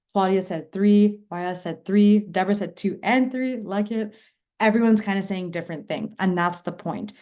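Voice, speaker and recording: Enthusiastic woman presenter, low mellow voice. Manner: enthusiastic, emphatic delivery. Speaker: mentorship session presenter. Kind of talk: online workshop teaching. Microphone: video call.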